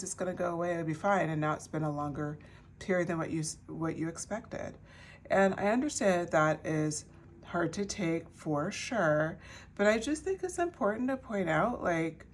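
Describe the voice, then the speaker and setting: A woman with a low voice reads tarot cards for her viewers. She talks in a loose, chatty way, full of "like" fillers and restarts. A faint hiss sits under the recording. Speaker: tarot reader. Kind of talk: pick-a-card tarot reading.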